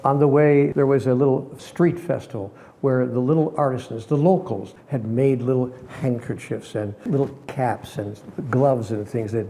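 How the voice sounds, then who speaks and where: Gravelly man telling a spiritual story. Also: medium pitch. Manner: animated storyteller, acting out voices, dropping to whispers. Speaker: spiritual teacher. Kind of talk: storytelling talk.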